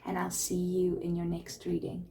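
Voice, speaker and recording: A young woman giving a spoken tarot reading in a gentle, soothing way, often restarting her sentences. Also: fairly low pitch, completely flat delivery, moderate pace, vocal fry. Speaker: tarot reader.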